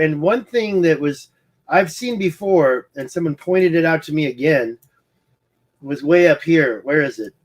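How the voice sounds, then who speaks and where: A man rambling through a screen-share of satellite maps, muttering, restarting his sentences and getting sidetracked by hiccups. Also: on the high side. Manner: distracted, muttering, self-correcting. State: hiccuping, eye twitching. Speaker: independent researcher presenting maps.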